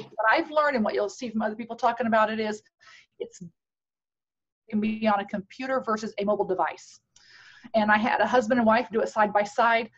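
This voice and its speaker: A woman on a casual video call, explaining things at length with enthusiasm and restarts. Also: a little high. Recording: dull lo-fi video call audio.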